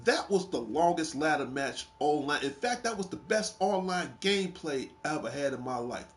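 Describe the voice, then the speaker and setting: A man's voice: fairly high pitch, normal speed. A man hosting a casual gaming chat, telling wrestling game stories with lots of laughing and swearing. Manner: animated storytelling, laughing, swearing freely. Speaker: gaming show host.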